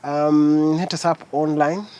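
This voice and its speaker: A man, a music-industry insider in a casual chat, confident and opinionated and quick to tease. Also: a little high, little pitch movement, mellow, highs cut off, slight background noise. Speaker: music industry guest and co-host.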